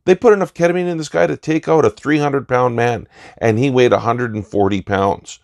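A man giving an earnest opinion monologue in deliberate short phrases. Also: medium pitch, creaky, no room sound. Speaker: commentator.

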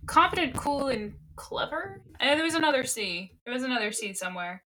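A woman's voice: sits high, very animated, brisk, sharp tone, poor audio. A young woman co-hosting a podcast, chatting casually with playful, dry teasing. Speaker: podcast co-host. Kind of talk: casual book chat.

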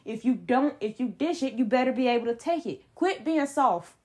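A woman's voice: a little high, fairly quick, warm tone. A young adult woman hosting a solo sports podcast, ranting in a heated, emphatic way with blunt slang. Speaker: podcast host.

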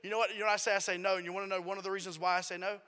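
A man pastor preaching a sermon in a church, emphatic and dropping to a hush at times. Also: high voice, flat delivery, racing, smooth, big-room sound. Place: church sanctuary.

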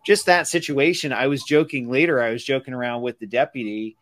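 A man's voice: mid-range voice, brisk, fairly bright tone, no echo. A man on a podcast casually recounting a story, retelling what others said with many fillers. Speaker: church safety podcast co-host.

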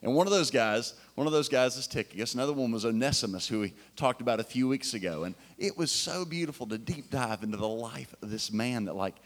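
A man's voice: medium pitch, animated, quick pace, hardly any pauses. A man preaching a sermon in a casual, enthusiastic way, with fillers and restarts. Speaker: pastor.

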